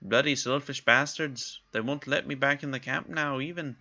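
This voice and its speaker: A man's voice: medium pitch, normal speed, bright, forceful tone, dull audio, pitched above the performer's own voice. A man voicing a grumbling, wine-loving male companion who wheedles for favors. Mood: wheedling. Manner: wheedling, gruff.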